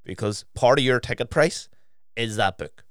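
A man's voice: mid-range voice, normal speed, no echo, studio quality. A man in casual podcast chat, telling stories bluntly and swearing freely. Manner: blunt, sweary, animated storytelling.

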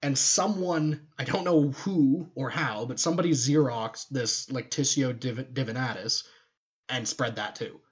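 A man's voice: medium pitch, a little slow, few pauses, muffled recording. A man co-hosting a podcast, animatedly explaining a fictional universe's lore in casual chat with joking asides. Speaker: podcast co-host.

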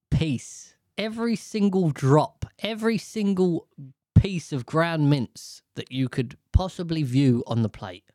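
A man chats casually with a co-host, wandering from point to point with lots of energy. He keeps dropping into quick impressions. The recording is dry and close, with no room echo. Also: fairly high pitch. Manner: rambling, animated, breaks into voices. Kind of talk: casual chat.

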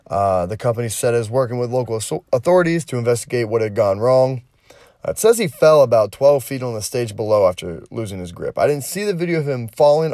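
A man's voice: mid-range voice, darkish tone, dry recording. A man talks through the day's news in a loose, profane way, cracking jokes as he goes. His voice sits in an ordinary middle range. It is recorded dry and close, with no room sound. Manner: profane, blunt and joking. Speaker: podcast co-host. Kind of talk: casual news commentary.

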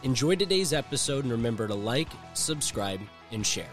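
A man's voice: medium pitch, animated, a little fast. A man reading a scripted podcast intro in an earnest, upbeat way. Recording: faint music behind voice. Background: guitar music.

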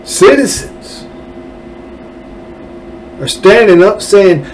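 A man's voice: high voice, takes it slowly, long pauses, a little hiss or hum, rough recording. A man hosting a political podcast, ranting angrily with sarcasm and profanity. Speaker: podcast host. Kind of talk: political commentary rant.

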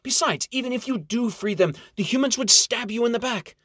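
A fierce female elf archer, whispering harshly and urgently in a much higher voice, as a man narrating an audiobook puts her on. The storybook reading is close and dry. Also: a little fast, fairly bright tone, husky, no room sound, heavily acted.

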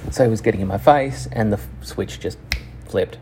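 A young man telling a personal story frankly and profanely, halting often with restarts. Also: fairly low pitch, dark tone, a little hiss or hum. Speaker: channel host.

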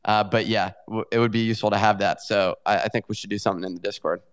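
A man co-hosting a casual show, talking in a halting way with many pauses and fillers. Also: fairly low pitch, fairly even intonation, smooth. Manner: hesitant, lots of uh and um. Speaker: co-host. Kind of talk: casual chat.

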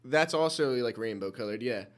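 A man's voice: medium pitch, animated, normal speed. Young man telling easygoing stories. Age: young adult. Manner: easygoing storytelling, drops to a mumble at times. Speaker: podcast co-host. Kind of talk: casual chat.

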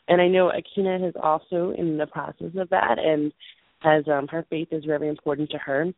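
A hoarse woman in her late twenties is losing her voice while co-hosting a call-in show and making a casual announcement. Her deep voice stays level and a little fast as she rambles earnestly, clearing her throat and restarting sentences. The thin, tinny phone line sounds dry, with no room.

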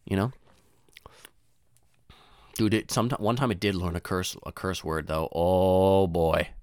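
A man's voice: low voice, moderate pace, dry recording, studio quality. A young man rambling through a profane, slangy story in casual monologue, often jumping into voices for the people in it.

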